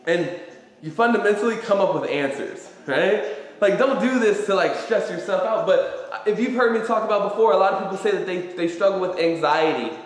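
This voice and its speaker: A man's voice: high voice, a little fast. Rambling man in a very echoey room. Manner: rambling, filler-heavy, swears freely. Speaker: motivational vlogger. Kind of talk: casual livestream pep talk. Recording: very echoey room with long reverb.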